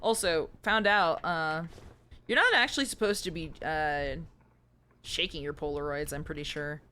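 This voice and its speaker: A woman's voice: deep voice, normal speed, pushed and bright, clear, resonant tone. A young woman streaming a horror game, chatting playfully and joking with her viewers. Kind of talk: casual live game commentary.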